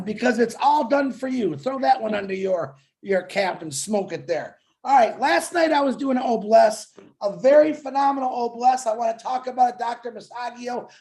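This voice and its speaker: A man hosting a promotional webinar, telling stories in a jokey, animated way. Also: extremely high pitch. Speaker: webinar host. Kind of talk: casual promotional webinar chat.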